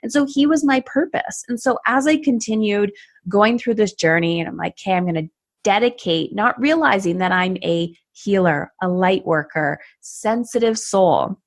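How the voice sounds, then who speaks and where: A woman in her thirties speaks as a podcast guest, recounting her own journey with lively energy. She slips into quoted asides, briefly voicing her past self and other people. Her pitch sits in an ordinary middle range. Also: normal speed. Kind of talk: personal storytelling in a conversation.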